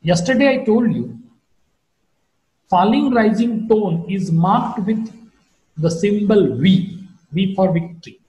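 Slow, sing-song male phonetics lecturer. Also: dark tone, echoey room, muffled recording. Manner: slow, deliberate teaching with wide pitch swings. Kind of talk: recorded online lecture.

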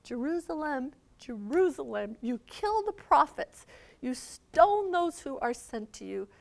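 A woman reading aloud the words of an angry, grieving male prophet, scolding loudly and then lamenting quietly. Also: medium pitch, big pitch swings, slow.

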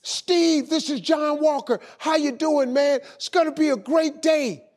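A man putting on a chipper, high-voiced wake-up caller. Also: steady tone, a little slow. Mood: cheery, pushy. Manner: loud, chipper, repetitive greeting. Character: relentlessly upbeat grown man calling at dawn.

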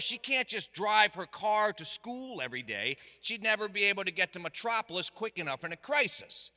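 Animated storyteller. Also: male voice, high voice. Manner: animated, shouting quoted lines, dry asides. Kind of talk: live comic storytelling. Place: stage in a hall. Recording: echoey hall reverb.

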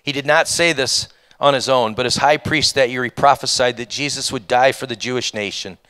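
A man preaching a conversational sermon, reading scripture passages and adding animated, wondering asides. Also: mid-range voice, a little fast, clear, resonant tone. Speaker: pastor.

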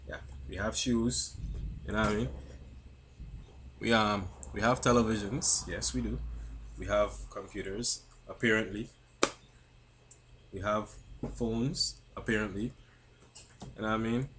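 A young man from St. Croix talks casually into his camera mic with a Crucian accent, his voice sitting on the low side. He is chatty and keeps checking in with "you know what I mean?" A faint hiss runs under the home recording. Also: steady tone, unhurried, pauses often, fairly bright tone. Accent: Crucian (St. Croix) English. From St. Croix, US Virgin Islands. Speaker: vlogger.

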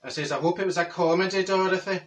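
A man doing a cheeky gossipy Glaswegian woman, high voice, bright edge, Glaswegian accent, a bit distant from the mic. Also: steady tone, quick pace. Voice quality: chatty, gossipy storytelling with Scots words. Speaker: comedy character host. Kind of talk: comic character monologue.

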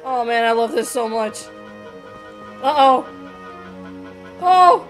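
A woman gamer giving excitable, exclamatory commentary as she plays a video game. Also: a little high, takes it slowly, long pauses, soft background music. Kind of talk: let's play commentary.

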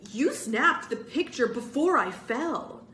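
A whiny, insistent schoolboy, as a woman reader puts him on, pitched higher than a grown voice. He presses every point in a storybook reading, with a roomy echo around the voice. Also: sing-song, slow, sharp tone, slight background noise, heavily acted. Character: excitable boy, middle-school age.

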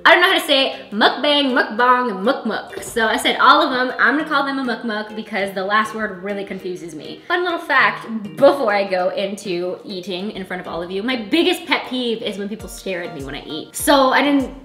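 A woman with a mid-range, expressive, bright and forceful voice talks a little fast with few pauses as she hosts a casual eating vlog. She chats, rambles and laughs often, filmed on camera by a friend in an echoey room with faint music.

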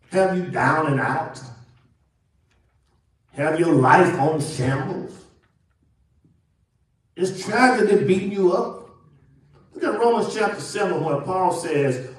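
A pastor preaches, his voice riding loud peaks and dropping to near whispers. He sits a little high for a man. The sound is heard from some distance in a very echoey church hall. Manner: preaching with big swings from loud to hushed. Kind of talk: sermon. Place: church sanctuary.

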